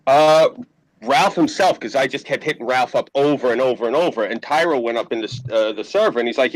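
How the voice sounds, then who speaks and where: A man talking fast and brashly as a stream guest, trash-talking in heated casual chat. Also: medium pitch, no room sound, poor audio.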